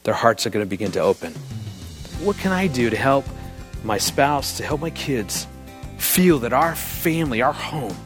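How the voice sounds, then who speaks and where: Lively man telling a marriage story. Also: medium pitch, moderate pace, over music. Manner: animated storyteller who quizzes the audience. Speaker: marriage speaker giving a presentation. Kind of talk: live talk to an audience.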